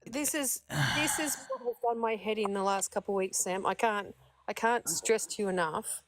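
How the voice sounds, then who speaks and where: A woman in a live debate talks in a weary, sighing way at an ordinary pitch. Faint noise and clicks sit behind her voice. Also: moderate pace. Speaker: debate co-participant.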